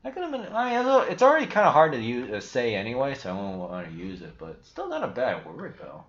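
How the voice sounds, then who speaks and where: A man hosts a casual livestream, thinking aloud in a rambling way, cutting himself off and swearing casually. His mid-range voice is a bit bright, talks fast, and swoops wildly in pitch. The lo-fi stream audio sounds echoey and dull.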